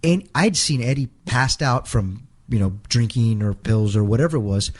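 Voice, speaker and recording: A man being interviewed, recounting events in a halting way, repeating his words as he relives each moment. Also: medium pitch, lively intonation, a little mellow. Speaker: guest, wrestler. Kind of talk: casual storytelling interview.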